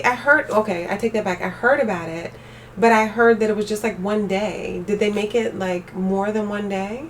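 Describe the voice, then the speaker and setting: A young woman live streaming, chatting casually with her viewers and ranting with animated energy. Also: mid-range voice, normal speed, far from the mic, a little hiss or hum. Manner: animated ranting, talks straight to chat.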